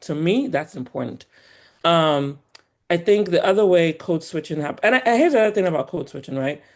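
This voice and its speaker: A woman with a Nigerian accent softened by years in the US, talking as a guest in an animated, emphatic way and laughing often. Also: lowish voice, brisk. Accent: Nigerian, polished by years in the US. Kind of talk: casual conversation.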